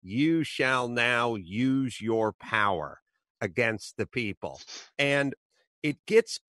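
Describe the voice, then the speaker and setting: Bright-voiced ranting man, dry studio sound. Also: mid-range voice, slow, dry recording. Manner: ranting, animated storytelling with put-on quotes. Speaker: podcast host. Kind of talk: casual chat.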